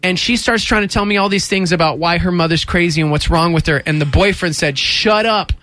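Bright, high-voiced young man telling a story. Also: no echo. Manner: animated, acts out voices in quotes, quick bursts. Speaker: radio station host. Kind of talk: casual storytelling chat.

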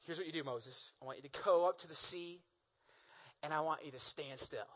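Guy doing chill low-voiced god, quiet and matter-of-fact. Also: brisk. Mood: calm. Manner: low, quiet, laid-back. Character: calm, matter-of-fact male God giving orders.

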